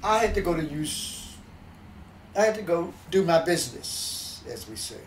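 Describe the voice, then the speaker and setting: High-voiced man telling a folksy tale. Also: moderate pace, echoey room, recorded from a distance, slight background noise, rough recording. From backwoods countryside. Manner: animated, plainspoken, restarts mid-sentence. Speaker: storyteller. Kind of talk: folksy spoken storytelling.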